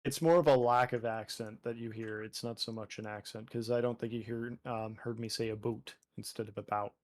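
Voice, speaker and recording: A man's voice: medium pitch, fairly even intonation, a little fast. A young Canadian man with a Canadian accent, chatting casually and joking while he draws on a live stream, with lots of fillers. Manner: rambling, joking, heavy fillers. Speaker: artist and streamer. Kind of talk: casual chat while drawing.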